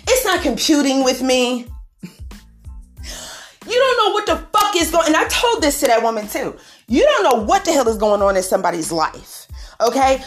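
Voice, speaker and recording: A woman, venting angrily in a podcast monologue, swearing and laughing. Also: high voice. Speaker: podcast host.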